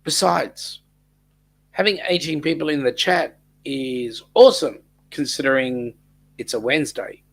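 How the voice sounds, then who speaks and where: A man's voice: medium pitch, measured pace. An Australian man hosting a casual live chat, greeting viewers and reading comments with lots of ums and restarts. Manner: rambling, many ums and restarts. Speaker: livestream host.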